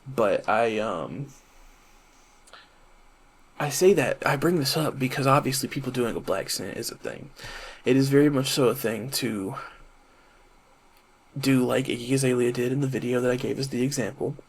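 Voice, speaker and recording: Young man in his twenties, gravelly voice, husky tone, rambling casual monologue, lots of restarts. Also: medium pitch, moderate pace, long pauses. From American South. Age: 20s. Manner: rambling and self-correcting, many fillers and restarts. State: high. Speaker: vlogger and rapper.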